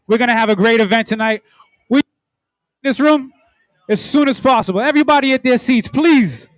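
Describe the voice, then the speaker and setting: Guy yelling to pump up the crowd, really high-pitched, heard from far off. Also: fairly quick, no room sound. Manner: loud, hyping the crowd. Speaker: event announcer.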